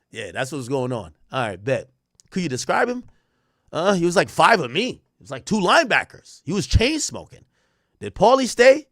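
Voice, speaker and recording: A man's voice: on the high side, dry recording, studio quality. A man hosting a live stream, reading out court testimony and reacting to it in casual slang. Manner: animated, reads testimony aloud and riffs on it with slang. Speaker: stream host recapping a trial.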